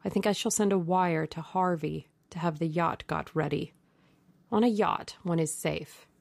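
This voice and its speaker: A woman's voice: fairly low pitch, normal speed, vocal fry, a little mellow, dry recording. A woman reading the part of a troubled young man who speaks sadly and nervously. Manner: weary, sad, nervous. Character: young man, anxious, haunted.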